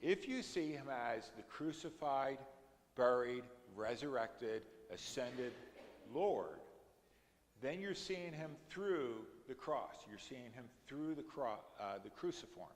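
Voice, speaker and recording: In a large church hall, a man with an animated, medium-pitched voice speaks slowly as he teaches an adult education class. He walks through scripture readings step by step, building to emphatic moments whenever he quotes them.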